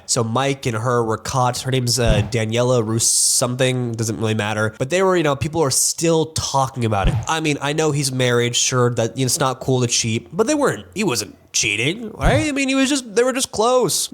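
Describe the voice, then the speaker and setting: A young man hosting a sports countdown, in casual, joking commentary that rambles and restarts often. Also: mid-range voice. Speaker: sports channel host.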